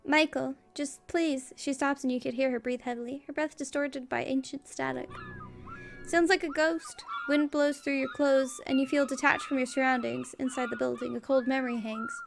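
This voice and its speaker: Brief: gravelly-voiced woman gamer narrating text casually. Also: sits high, moderate pace, a little hiss or hum. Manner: casual, wry asides. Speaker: let's play gamer. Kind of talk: reading game text aloud.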